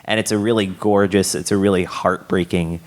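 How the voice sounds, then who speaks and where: A man writer speaking on a panel, rambling and halting, often restarting his sentences. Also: low-pitched, steady tone. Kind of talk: casual panel talk.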